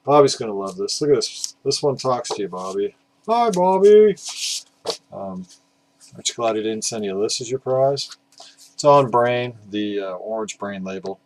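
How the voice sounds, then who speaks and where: Guy w a lowish voice rambling casually about his records, lots of uhs, bit sweary. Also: normal speed, slight background noise, rough recording. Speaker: record collector vlogger. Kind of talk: casual vlog talk about vinyl records.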